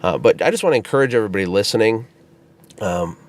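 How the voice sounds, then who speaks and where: A man with a lowish voice that swings widely as he talks. He tells stories in a relaxed, chatty way, animated and quick to laugh. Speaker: podcast co-host and business founder. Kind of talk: casual storytelling chat.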